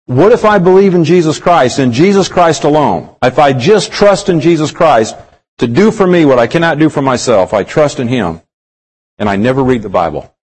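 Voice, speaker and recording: A man's voice: fairly high pitch, expressive, darkish tone, rough recording. Male preacher asking rhetorical questions. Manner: asks the congregation many rhetorical questions; reads scripture slowly with drawn-out emphasis. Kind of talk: sermon with scripture reading.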